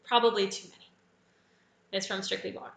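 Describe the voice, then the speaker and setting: A woman hosts a live trivia quiz in a bright, crisp, mid-range voice at a fairly quick pace. She goes through each answer in a relaxed, chatty way, tossing in small personal asides. Her voice echoes around a roomy space.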